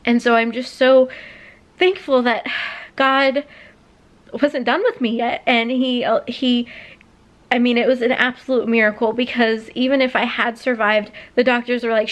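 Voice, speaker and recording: A woman's voice: fairly high pitch, fairly even intonation, moderate pace. A woman in her late twenties telling a personal story on her vlog, rambling with many fillers and close to tears. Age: late 20s. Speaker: vlogger.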